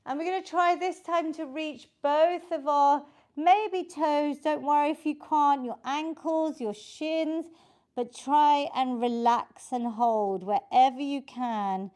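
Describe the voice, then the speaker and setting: A woman's voice: high voice, a little mellow, poor audio. A woman leading a guided home workout class as a fitness instructor, coaching upbeat and encouraging and counting the reps aloud. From United Kingdom.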